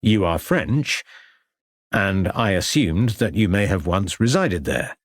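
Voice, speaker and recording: A man's voice: sits low, big pitch swings, takes it slowly, no room sound, clean studio sound, heavily acted. A man voicing a courteous, persistent Victorian police inspector who questions in a formal, polite way. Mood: probing.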